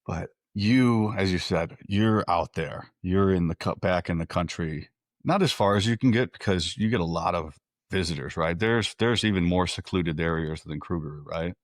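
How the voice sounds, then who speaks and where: A man hosting a podcast, talking in a relaxed way, joking and telling stories. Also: low-pitched, normal speed, no room sound, clean studio sound. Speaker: podcast host. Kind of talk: casual podcast interview.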